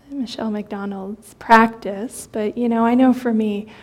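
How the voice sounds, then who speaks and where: A female meditation teacher gives a dharma talk in a fairly high, mellow voice that carries a soft breathiness. Her delivery is gentle and conversational, with frequent pauses on fillers and restarted sentences.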